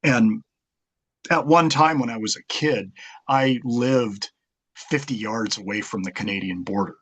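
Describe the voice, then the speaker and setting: Brief: male guest, husky, meandering anecdotal storyteller. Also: mid-range voice, a bit bright. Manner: rambling storyteller, halting with fillers and restarts. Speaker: guest martial arts author. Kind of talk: casual interview chat.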